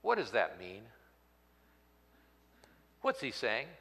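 A man preaching a sermon, swinging from loud outbursts to hushed, near-whispered lines. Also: fairly low pitch, wildly swooping pitch, slow pace, gravelly, in a large hall. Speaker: pastor.

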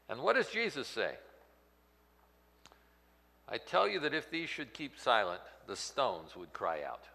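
A man preaching a sermon, swinging from loud outbursts to hushed, near-whispered lines. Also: medium pitch, huge pitch swings, normal speed, in a large hall. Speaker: pastor.

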